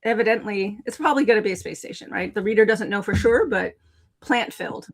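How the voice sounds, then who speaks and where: A woman at a mid-range pitch, leading a live online writing lesson. She talks casually and keeps turning to viewers in the chat. The sound comes through a video call microphone. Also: quick pace, rough recording. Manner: chatty, addresses viewers in the chat. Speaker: writing coach and live show host. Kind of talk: casual live-stream teaching.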